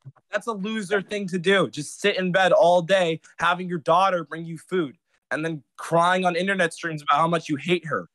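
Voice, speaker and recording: A man's voice: sits high, steady tone, fairly bright tone, dry recording. A young adult man in a heated, sarcastic argument with his father, accusing him and talking over him. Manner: sarcastic, accusing, rapid back-and-forth.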